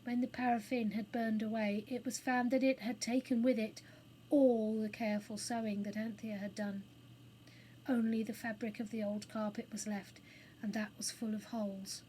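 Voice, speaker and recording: A woman reading a children's book aloud as storyteller, in a clear, expressive manner. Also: on the high side, normal speed, slight background noise, poor audio.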